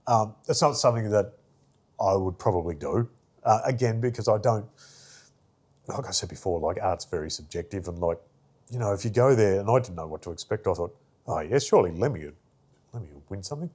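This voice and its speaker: A man's voice: on the low side, brisk, darkish tone. A man, an artist guest, telling stories in a rambling casual way with lots of fillers. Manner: rambling, many fillers, acts out quoted voices. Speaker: artist and arts worker, guest. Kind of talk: casual interview storytelling.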